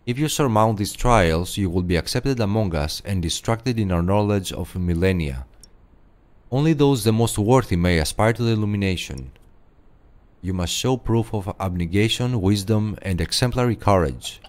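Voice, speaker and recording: A man's voice: fairly low pitch, expressive, moderate pace, natural voice. A man voicing a pompous knight of a secret order in a video game, grandiose and theatrical, slipping into game-show host patter. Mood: solemn. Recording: game audio over loud music.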